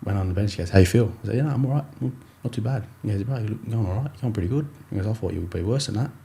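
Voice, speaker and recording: Deep-voiced Australian footballer telling his story. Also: very fast, gravelly, warm tone. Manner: rambling, many fillers and restarts, acts out his coach in quotes. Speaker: rugby league player, podcast guest. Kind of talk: casual storytelling interview.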